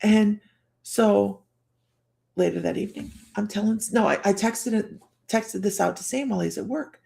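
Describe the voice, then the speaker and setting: A woman's voice: mid-range voice, moderate pace, vocal fry, dark tone. A woman hosting a psychic livestream, telling a personal story in a chatty, rambling way with frequent laughter. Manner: restarts and trails off while telling a story. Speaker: psychic host of a live stream.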